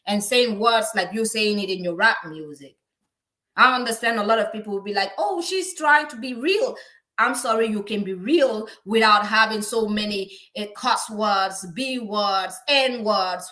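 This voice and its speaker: A woman's voice: medium pitch, bright, forceful tone. A woman hosting opinionated celebrity news commentary, lecturing outspokenly and often restarting her words mid-sentence. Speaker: commentary channel host.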